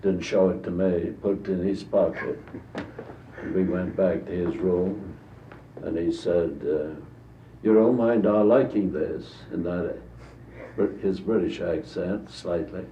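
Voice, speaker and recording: An elderly American man with a very low voice recalls old stories at length, trailing off and restarting his sentences. He is heard off-mic on a dull old tape in an echoey room with faint hiss. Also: fairly even intonation, recorded from a distance. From United States. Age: 80s. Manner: rambling anecdotal storytelling with halting restarts. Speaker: interviewee. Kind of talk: recorded archival interview.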